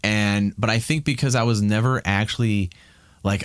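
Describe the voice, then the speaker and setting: A man's voice: fairly low pitch, normal speed, smooth, no echo. A man in his thirties from Ohio, a podcast guest talking candidly and rambling with many restarts in casual chat.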